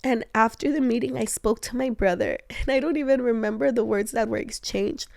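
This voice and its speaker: A young adult woman telling a personal story in an animated way to her husband, laughing often and acting out the lines she quotes. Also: a little high, fairly quick, vocal fry, no echo, clean studio sound. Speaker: co-host of a couple's talk show.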